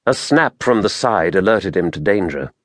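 A man narrating a fantasy audiobook in a measured, dramatic storytelling manner, recorded close to the mic. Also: low-pitched, expressive, no room sound.

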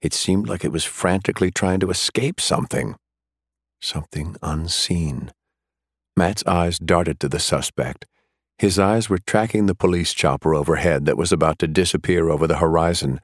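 A man narrating a thriller audiobook in a measured, steady way. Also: sits low, no echo, clean studio sound.

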